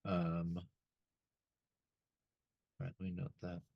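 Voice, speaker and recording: Casting: low-pitched male game master, relaxed delivery, dry close sound. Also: takes it slowly, gravelly, dry recording, highs cut off. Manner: relaxed, many fillers. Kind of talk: narrating a tabletop game.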